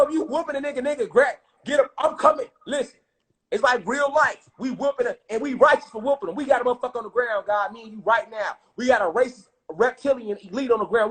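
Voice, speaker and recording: A man telling a spiritual story in casual, profane street slang, getting loud and excited at times. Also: very high-pitched. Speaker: speaker.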